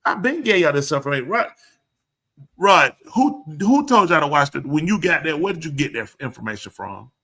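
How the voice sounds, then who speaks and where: A man hosting a live talk show, telling stories in an animated, emphatic way. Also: a little high, a little fast. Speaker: show host.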